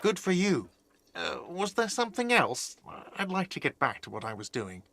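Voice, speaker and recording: A man's voice: on the high side, sing-song, moderate pace, gravelly, a bit bright, no room sound, exaggerated voice. A man voicing an irritable, defensive male cafeteria manager in a video game, curt and sarcastic. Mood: irritated, sarcastic.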